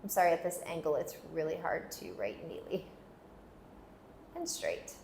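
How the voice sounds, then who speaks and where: A woman teaching a language lesson, patiently repeating words slowly so learners can follow. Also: low voice, very animated, background noise. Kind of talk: slow pronunciation lesson.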